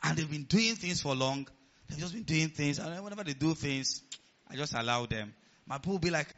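A man preaching a sermon as pastor of a church, animated and rising to near-shouts. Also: a little high, fairly quick. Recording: dull lo-fi sound.

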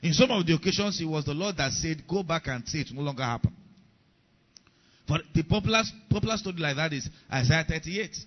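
A man's voice: fairly high pitch, expressive, brisk, dull audio. A middle-aged male pastor preaching a sermon, emphatic, repeating key lines and asking the congregation if they follow.

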